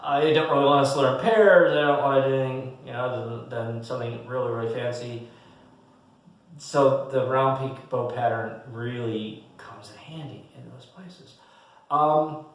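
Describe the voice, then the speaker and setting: A man giving a relaxed, casual fiddle lesson, hesitant with many ums and restarts, counting beats aloud as he explains. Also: medium pitch, normal speed, far from the mic. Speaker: fiddle teacher. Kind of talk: casual one-on-one music lesson. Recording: very echoey room, a bit off mic. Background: fiddle playing between talk.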